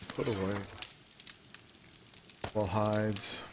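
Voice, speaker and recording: Low-voiced man playing a game. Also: fairly even intonation, drawn-out words, background noise. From Tennessee. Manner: rambling, joking. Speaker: let's play host. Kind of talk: casual game commentary.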